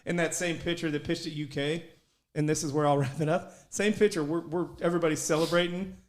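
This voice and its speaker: A man telling animated, profane stories on a casual podcast and shouting out his coach's lines. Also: on the high side, fast talker. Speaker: podcast co-host. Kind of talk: casual storytelling chat.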